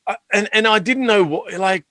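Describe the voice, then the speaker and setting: A man tells stories on a podcast with a bright, forceful tone and a slightly raised pitch. He acts out each scene with animated energy. The sound is dry and close, with no room. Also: moderate pace, no echo. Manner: animated, laughing storyteller acting out scenes. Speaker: guest. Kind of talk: podcast interview, anecdotal storytelling.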